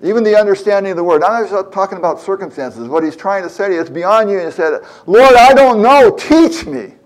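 Speaking fast in a high-sitting voice, a man in his seventies preaches conversationally and earnestly, repeating phrases for emphasis and acting out prayers.

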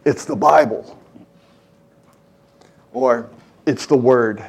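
A man's voice: mid-range voice, normal speed, a little mellow. Older male preacher, 70s, plain chatty sermon delivery, earnest, leans on repetition. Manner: earnest, repeats phrases for emphasis, acts out prayers. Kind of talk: conversational sermon.

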